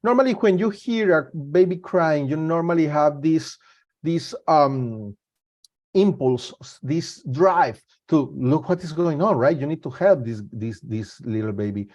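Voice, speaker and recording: Higher-voiced man presenting a security webinar. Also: expressive, a little mellow. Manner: halting, repeats and restarts words. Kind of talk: live webinar talk.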